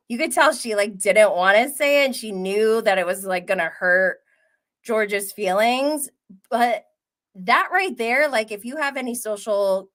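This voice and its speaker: A young woman hosting a livestream, chatting casually and gossiping about reality TV, acting out what people said and swearing freely. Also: medium pitch. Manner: gossipy, animated, swears freely, acts out quotes. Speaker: livestream host recapping reality TV.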